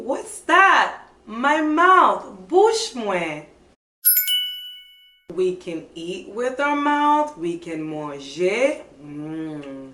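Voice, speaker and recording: A woman teaching toddlers as a preschool teacher, slow, sing-song and animated, with coaxing questions. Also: fairly high pitch, reverberant, recorded from a distance.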